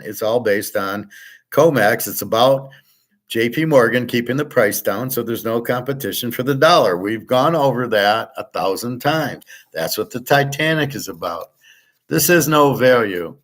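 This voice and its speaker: A man hosting his own show, ranting bluntly and with frequent profanity, exasperated and repetitive as he explains the same point again and again. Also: medium pitch. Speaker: host. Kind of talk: ranting monologue.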